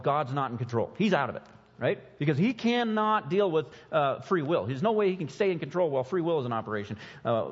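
Animated preacher in a reverberant church. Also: male voice, a little high, slightly rough, muffled recording. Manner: animated preaching with mocking put-on quotes. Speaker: pastor. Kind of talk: sermon.

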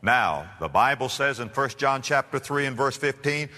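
A man's voice: medium pitch, very animated, normal speed, few pauses, sharp tone. A man preaching a sermon as pastor, emphatic and dramatic, with repeated phrases. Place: church. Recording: reverberant hall.

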